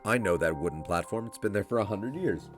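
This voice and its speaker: A man's voice: fairly low pitch, animated, brisk, music in the background. Casual cursing gameplay commentator man. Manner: casual, swears, talks to game characters. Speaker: gameplay streamer. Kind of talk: casual let's play commentary.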